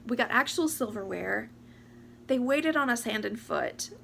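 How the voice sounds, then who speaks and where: A woman, talking to camera about her year. She rambles, talks fast and fights back tears. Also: on the high side, animated, gravelly, a bit bright, slight background noise. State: teary, close to crying. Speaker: vlogger. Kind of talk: casual chat to camera. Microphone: camera or phone mic.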